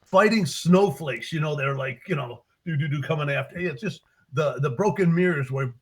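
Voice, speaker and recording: A man's voice: a little high, moderate pace, husky, low-quality recording. An older man, an author, telling the story of his book in a casual interview, acting out his characters' voices as he goes. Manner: animated, acts out characters' voices while retelling his story.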